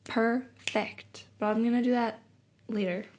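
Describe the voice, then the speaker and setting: Soft-spoken young woman vlogging late at night. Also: a little high, steady tone, measured pace. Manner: soft, rambling, drifts into whispers. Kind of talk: casual late-night vlog chat.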